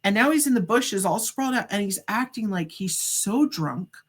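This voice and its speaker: This middle-aged woman is a psychic medium telling a story as a guest on a podcast. Her husky, mid-range voice moves at a moderate pace, and she animatedly performs the dialogue, sprinkling in frequent "like" fillers.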